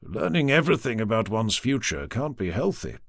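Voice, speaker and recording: A man reading an audiobook voices a sardonic, heartless man who speaks in a low, quiet drawl. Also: very animated, moderate pace, creaky, no echo, clean studio sound, heavily acted. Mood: coolly dismissive.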